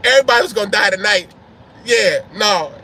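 A hot-headed warrior king talks in loose, casual slang, quick to brag and quick to back down, as a preacher acts him out. His voice is bright and fairly high. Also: lively intonation, a little hiss or hum. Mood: boastful. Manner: casual, boastful slang, easily sheepish. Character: proud hot-headed warrior king, swaggering then meek.

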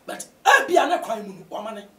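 High-pitched, animated Ghanaian pastor. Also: male voice, fast talker. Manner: animated, bursts into shouts to stress points. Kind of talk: preaching-style interview answers. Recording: roomy echo, distant from mic.

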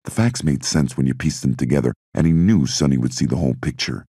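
Male audiobook narrator: steady reading, extremely low and raspy. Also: quick pace, no echo, studio quality.

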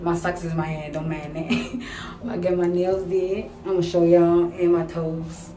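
A woman's voice: fairly low pitch, little pitch movement, unhurried, background noise. A woman in a casual vlog, talking straight to her viewers while walking outside with a phone camera. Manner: chatty, addresses viewers directly. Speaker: vlogger. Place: outdoors walking on a windy street.

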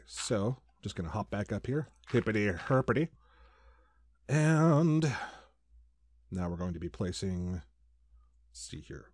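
A man's voice: on the low side, darkish tone, no room sound, clean studio sound. A man hosting a Let's Play, chatting casually through his building and making silly sound effects. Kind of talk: casual gameplay commentary.

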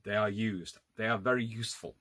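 A man's voice: fairly low pitch, steady tone, a little fast, fairly bright tone, no room sound. A man, a naval historian, giving an informal illustrated lecture with wry, exasperated asides and frequent self-corrections.

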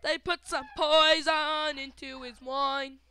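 A woman giving playful, shouty gameplay commentary full of silly chanted sound effects. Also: high voice, flat delivery, takes it slowly, no echo. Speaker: gaming video creator.

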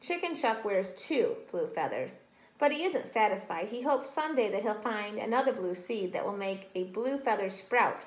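A woman teacher reading a storybook aloud to children, gentle and deliberate, leaning on key words. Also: medium pitch, expressive. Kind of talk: storybook read-aloud for kids. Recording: echoey room.

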